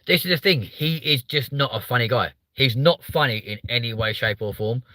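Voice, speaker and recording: Blunt, sweary English streamer. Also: male voice, medium pitch, normal speed, pushed and bright, no room sound. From England. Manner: blunt, sweary, reads chat aloud. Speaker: live stream host. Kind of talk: casual live stream chat.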